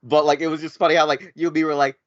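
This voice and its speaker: A man's voice: on the high side, little pitch movement, rapid-fire, dry recording, dull audio. A man hosting a live interview in a casual, friendly way, laughing and often repeating his first words as he starts a sentence. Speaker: interview host.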